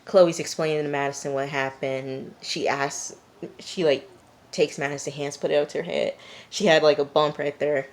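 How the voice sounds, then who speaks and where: A woman's voice: low-pitched, steady tone, normal speed. Chatty woman recapping a reality show. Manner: chatty and blunt, heavy use of "like". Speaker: TV review vlogger. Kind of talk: casual episode recap.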